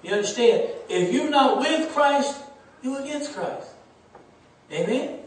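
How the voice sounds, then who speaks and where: Preacher, loud to hushed, echoey. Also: male voice, very high voice, lively intonation, slow pace. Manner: swings from loud preaching to hushed near-whisper, Southern US dialect. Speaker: pastor. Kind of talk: sermon. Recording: echoey church room, distant mic.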